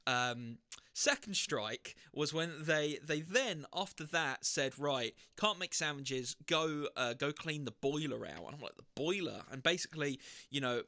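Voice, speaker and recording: A man answering viewer questions in a casual storytelling Q&A, animated and acting out the people in his anecdotes. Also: a little high, unhurried, no echo, studio quality.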